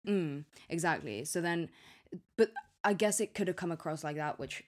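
A woman's voice: lowish voice, moderate pace, darkish tone. A young woman co-hosting a podcast, telling a story in casual chat with many restarts and acted-out quotes. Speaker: podcast co-host.

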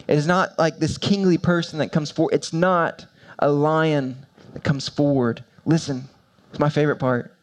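A man preaching a sermon, moving between quiet, low passages and loud, high-pitched emphasis, with repeated building phrases. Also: a little fast. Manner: repetitive, building rhetorical preaching. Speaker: pastor.

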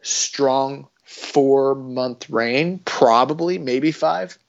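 A man's voice: mid-range voice, extremely slow, creaky. Man, podcast co-host, rambling casual chat, jokey and a bit profane, dull lo-fi sound. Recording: dull lo-fi recording.

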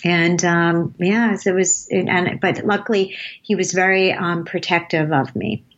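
A woman in her late fifties, an advertising creative, is a guest in a casual interview, telling rambling stories and laughing often. Her lowish voice is a little slow with fairly even intonation, and the recording has its highs cut off.

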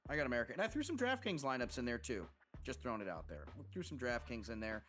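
A man's voice: medium pitch, huge pitch swings, a little fast, a bit bright. A man hosting a podcast in casual chat, easygoing, with plenty of "like" and "you know". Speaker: podcast host. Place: podcast studio.

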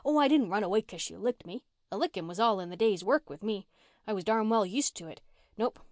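A woman voicing a ragged, hungry runaway girl of about twelve, who talks in a blunt, rough country dialect. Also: medium pitch, expressive, fairly quick, a little mellow, no echo, clean studio sound, close to an everyday voice. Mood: chattering.

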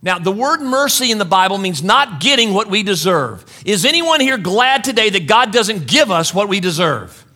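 Middle-aged pastor guy preaching, high bright voice, earnest, keeps saying folks. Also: big pitch swings, moderate pace, hardly any pauses. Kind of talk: sermon.

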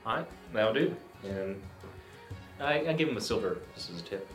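Low-voiced male player, casual and hesitant, echoey room. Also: expressive, normal speed, faint music behind. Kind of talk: tabletop game play.

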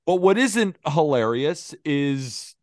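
A man's voice: on the high side, big pitch swings, slow pace, darkish tone, dry recording, clean studio sound. A man co-hosting a casual sports podcast, ranting heatedly and swearing freely. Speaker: podcast co-host.

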